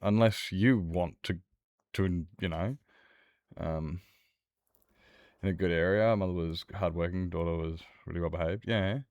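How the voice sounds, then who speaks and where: A man's voice: low-pitched, measured pace, pauses often, darkish tone, no echo, clean studio sound. A young man streaming a game, chatting casually with chat in a rambling, blunt way and swearing freely. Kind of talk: casual chat while gaming.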